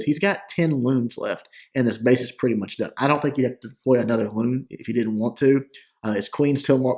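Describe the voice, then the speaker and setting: A young man talks through gameplay footage in a relaxed, rambling way, often pausing on "uh" and restarting his sentences. His voice sits at a middling pitch with a gravelly edge. It sounds like a casual voice-over recorded at a desk mic. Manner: relaxed, chatty, frequent "uh" and restarts. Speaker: gaming channel host.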